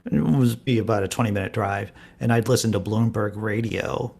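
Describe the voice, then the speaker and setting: A man with a lowish voice co-hosts a casual live-stream chat. He tells long, rambling stories and often restarts his sentences midway. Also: steady tone, a little fast, gravelly, a little mellow. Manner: rambling storyteller, frequent restarts. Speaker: co-host.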